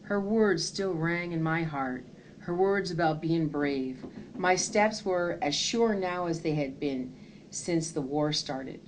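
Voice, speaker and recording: A woman reads a children's picture book aloud, earnest and expressive. Her voice sits slightly low for a woman. She tells the story steadily, letting each line carry its meaning. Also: slow, slight background noise. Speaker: reader.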